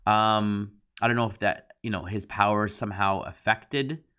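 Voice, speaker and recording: A man with a fairly low voice talks through a show's episode on a casual review podcast. He retells scene after scene and drops into quoted lines of dialogue. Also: steady tone, moderate pace, pushed and bright, smooth. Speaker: podcast co-host.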